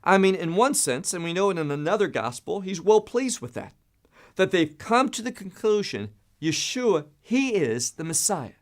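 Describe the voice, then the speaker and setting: A man's voice: high voice, very animated, moderate pace. A man teaching a Bible study, emphatic and stressing key words, with frequent repeats and restarts.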